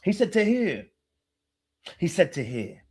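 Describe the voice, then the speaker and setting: A man hosting a podcast, reacting to a dating show in casual, teasing commentary, swinging between loud excitement and hushed mimicry. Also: high-pitched, measured pace, husky. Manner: animated, teasing, laughs, mimics people in a hushed voice.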